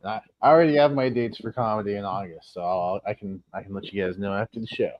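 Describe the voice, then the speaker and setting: A man hosting a casual podcast chat, rambling and correcting himself as he goes, with quick laughs at himself. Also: on the low side, no echo. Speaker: podcast host. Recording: dull lo-fi sound.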